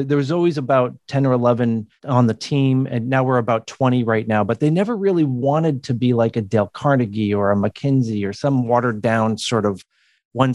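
A man's voice: mid-range voice, darkish tone, dry recording, clean studio sound. A man from the United States, a communication coach, explaining things in a podcast interview with occasional laughs.

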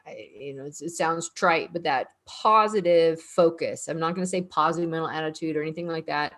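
Lady host, slightly low voice, tossing questions to guests. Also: fairly quick, fairly bright tone. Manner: prompting questions, summing up points. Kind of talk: casual discussion.

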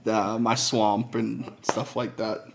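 A man's voice: lowish voice, flat delivery, slow, vocal fry, a little hiss or hum. A man chatting casually on a podcast, easygoing and amused. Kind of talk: casual chat.

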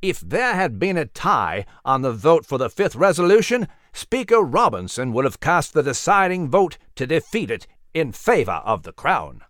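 A man voicing a knowledgeable male mouse who explains things in a measured way. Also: on the high side, very animated, fairly bright tone, no room sound, clean studio sound. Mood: explaining.

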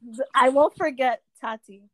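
A woman's voice: high voice, normal speed, no echo. A young woman co-hosting a casual podcast, jumping in to add details to a friend's story. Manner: jumps in to add details, laughs along. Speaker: podcast co-host. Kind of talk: casual chat.

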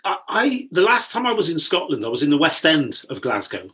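A man's voice: on the high side, sing-song, a little fast, a bit bright. A man from England hosting a casual chat, telling anecdotes in a chatty way and laughing easily. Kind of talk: casual conversation.

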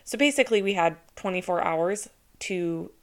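A woman hosting her own podcast, telling a personal story in a chatty, excitable way with lots of casual fillers. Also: on the low side, moderate pace. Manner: introverted by her own account. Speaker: podcast host.

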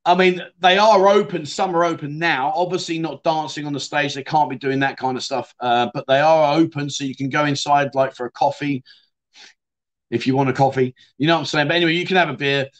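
A man's voice: a little high, steady tone, a little fast. Chatty Yorkshire man hosting a livestream. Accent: Yorkshire English. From England. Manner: chatty and matey, calls viewers mate and my friend, often trails off softly. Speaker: livestream host. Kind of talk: casual livestream chat reading viewer comments.

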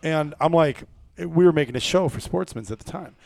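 A man's voice: fairly high pitch, brisk, creaky, no room sound. Guy hosting a hunting chat, laughs a lot, voices his buddies, dry close sound. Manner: excited storyteller, laughs often, acts out quotes. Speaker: hunting podcast host. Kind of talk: casual storytelling chat.

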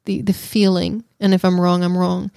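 A woman's voice: lowish voice, little pitch movement, moderate pace, gravelly, darkish tone, dry recording, clean studio sound. Thoughtful woman co-hosting a film podcast. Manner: thoughtful, restarts, teasing. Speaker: podcast co-host. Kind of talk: casual film review chat.

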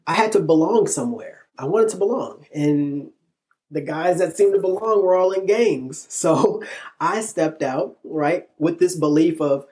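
A man from northern Illinois, a guest on an interview show, telling a personal story with lively narration, acting out the dialogue and laughing often. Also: on the high side, a little slow. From northern Illinois, USA.

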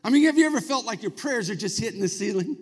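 A man's voice: high-pitched, expressive, quick pace. A male pastor preaching a sermon in a church, talking conversationally and prompting the congregation to answer back. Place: church sanctuary. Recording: long reverb of a large hall.

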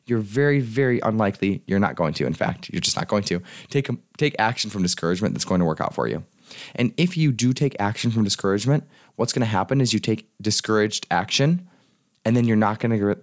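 A male coach in a solo podcast monologue, speaking in a lowish voice at a quick clip. He is casual and earnest, and tosses in the occasional swear word. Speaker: life and business coach.

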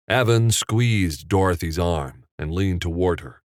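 A man reading an audiobook chapter in a measured, even storytelling manner. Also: low voice, dry recording. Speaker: audiobook narrator. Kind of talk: scripted audiobook narration. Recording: dry, close.

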